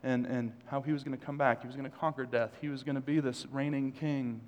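A man's voice: medium pitch, steady tone, fast, a little mellow, highs cut off. A male pastor preaching a sermon in a church, conversational, with joking asides to the congregation. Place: church sanctuary. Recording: long hall reverb.

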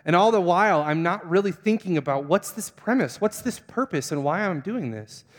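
A young man, a pastor, telling a funny self-mocking story in a sermon and acting out the voices with big jumps in pitch. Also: animated, moderate pace. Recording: long hall reverb.

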